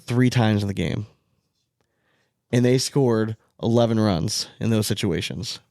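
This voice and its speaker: A man's voice: fairly low pitch, measured pace, creaky, a little mellow, dry recording, clean studio sound. A man in his thirties, a podcast co-host, telling a long story in a rambling, casual way with lots of "like". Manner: rambling storyteller, heavy use of "like". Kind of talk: casual chat.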